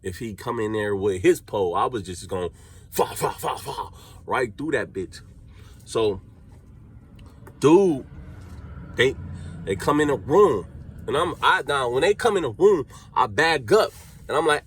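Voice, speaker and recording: A man's voice: medium pitch, normal speed, breathy edge. A young man with a Cleveland accent telling a story in casual street slang, acting out what people said. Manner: animated street slang storytelling, acts out quotes.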